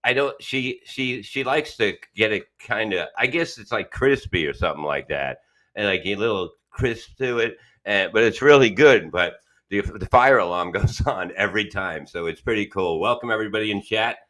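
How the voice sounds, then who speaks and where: A man's voice: on the low side, normal speed, fairly bright tone. A man hosting a live podcast, rambling through crude, profane banter with lots of restarts. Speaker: podcast host. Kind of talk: casual live podcast chat.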